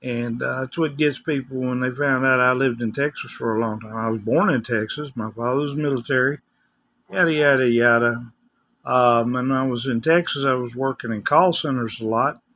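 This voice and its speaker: A man's voice: mid-range voice, fairly even intonation, normal speed, fairly bright tone, slight background noise. Older rambling man, West Tennessee accent. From West Tennessee, USA. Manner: rambling, folksy, easygoing. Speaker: vlogger. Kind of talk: casual chat.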